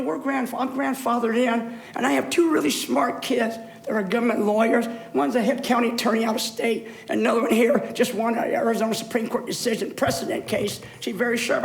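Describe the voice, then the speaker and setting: A man's voice: very high-pitched, gravelly, roomy sound, low-quality recording. An older man giving an emotional, rambling public comment at a city meeting, pleading with the board. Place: city council chamber.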